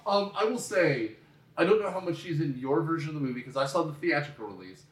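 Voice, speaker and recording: A man co-hosting a loose movie chat, animated and quick with his asides. His voice sits a little high and lands a touch distant from the mic. The room around him sounds echoey. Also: slight background noise. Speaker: podcast co-host. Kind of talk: casual chat about a movie.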